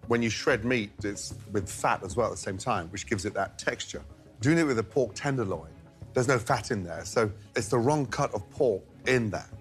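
A man judging contestants on a cooking show, brisk and critical. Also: on the low side, expressive, faint music behind. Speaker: judge.

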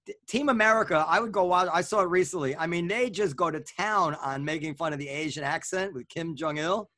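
A man's voice: on the high side, brisk, sharp tone. A man hosting a casual comedy panel chat, often stumbling and repeating words before ranting indignantly. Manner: stammering restarts, repeats words. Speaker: podcast host.

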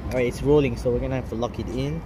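A man's voice: mid-range voice, fairly even intonation, very fast, noisy background. A man vlogging casually outdoors, thinking aloud with laid-back slang as he sets up photos. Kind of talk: casual narration while shooting photos.

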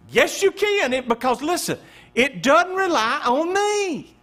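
A man preaching a sermon as pastor, swinging between loud emphatic declarations and hushed low passages, with folksy plain phrasing. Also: huge pitch swings, a little slow. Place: church.

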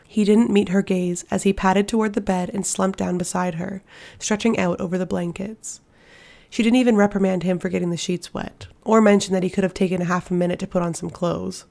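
A woman narrating a fantasy audiobook in a hushed, steady storytelling manner. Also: mid-range voice, fairly quick, gravelly. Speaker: audiobook reader.

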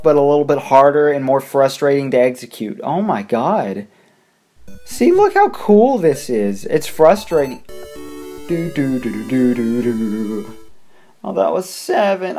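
Young adult let's player, rambling, hums, shouts at the game now and then, faint game music behind. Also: medium pitch. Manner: rambling, hums to self, sudden loud outbursts at the game. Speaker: let's play gamer.

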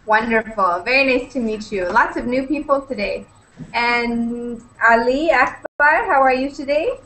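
A high-pitched, bright-toned woman from British Columbia, talking as an online conversation teacher and greeting each student warmly. Her manner is upbeat and welcoming. A faint hum of background noise sits behind her voice. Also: measured pace, poor audio. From British Columbia, Canada. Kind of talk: upbeat online class chat.

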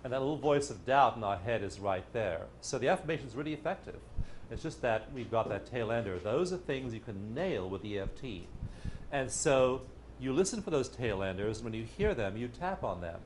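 A man's voice: medium pitch, lively intonation, a little fast, a little hiss or hum. Playful man teaching a live workshop. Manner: playful, joking, acts out inner voices. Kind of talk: lively teaching talk to a live audience.

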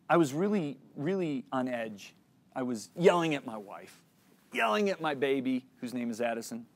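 Earnest middle-aged male Bible teacher. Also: a little high. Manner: earnest storytelling, acts out dialogue. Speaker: Christian teacher. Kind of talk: teaching lesson with personal story.

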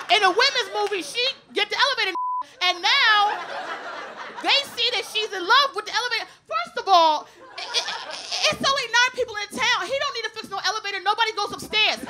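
Stand-up comic, woman, very high voice, brash and profane, live club mic with a crowd and noise behind. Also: normal speed. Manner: brash, profane, animated storytelling. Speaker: stand-up comedian. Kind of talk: stand-up routine. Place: comedy club stage before a live audience. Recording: live club recording with audience laughter and noise.

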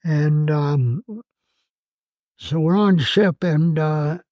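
A man in his eighths decade, a Marine veteran, telling his story in an oral-history interview, halting and emotional with many fillers and restarts. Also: fairly high pitch, dark tone, no room sound, highs cut off. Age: 80s.

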